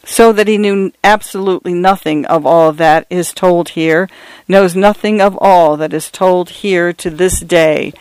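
A man reading a story aloud in a measured, dramatic way. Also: high-pitched, steady tone, clean tone, no room sound, poor audio. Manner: dramatic, measured, lingering on phrases. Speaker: narrator. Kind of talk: storybook narration.

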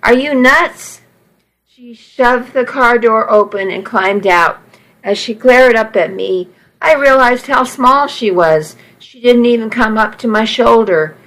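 A woman reading a first-person audiobook in a measured, expressive way. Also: on the high side, poor audio. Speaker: audiobook narrator.

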